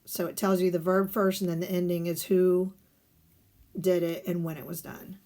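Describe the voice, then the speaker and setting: A woman's voice: on the low side, level tone, normal speed, dark tone. A woman teaching a recorded lesson, explaining step by step and asking and answering her own questions. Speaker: Spanish teacher. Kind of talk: recorded video lesson walking through guided notes.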